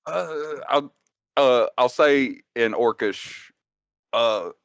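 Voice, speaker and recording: A man playing in a tabletop game, hesitant, with many pauses and fillers. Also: mid-range voice, lively intonation, creaky, clear, resonant tone, no echo. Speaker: player. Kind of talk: tabletop role-play over a call. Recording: dull lo-fi call audio, dry.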